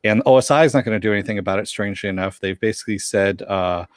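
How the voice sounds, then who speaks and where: A man's voice: lowish voice, racing, smooth, no room sound. Guy doing a laid-back episode recap, lots of laughing, dry close mic. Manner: animated, laughs often, acts out quotes. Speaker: podcast co-host.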